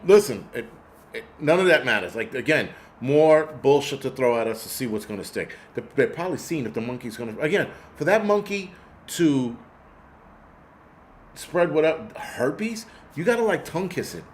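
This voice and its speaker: A man's voice: mid-range voice, animated, normal speed, slight background noise. A man hosting a casual livestream, rambling through profane stories and answering chat comments. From United States. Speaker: host.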